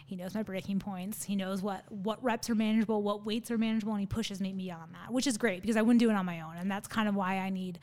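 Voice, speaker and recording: A woman's voice: medium pitch, steady tone, fast, few pauses, darkish tone. A woman guest chatting casually in an interview, telling a story in a sarcastic, talkative way with lots of fillers. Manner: sarcastic, by her own account; chatty, with many fillers and laughs.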